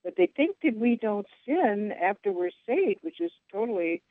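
A man's voice: high-pitched, big pitch swings, normal speed, no room sound. A man co-hosting a religious discussion, who often chimes in with brief affirmations. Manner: frequent affirming interjections. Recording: thin phone-like radio sound.

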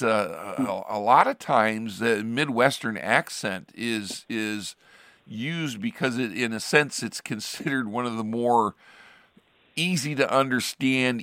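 Speaking in a lowish, fairly bright voice with no echo, an older man from Ohio, a pastor and show host, chuckles his way through rambling stories with frequent restarts in a casual chat.

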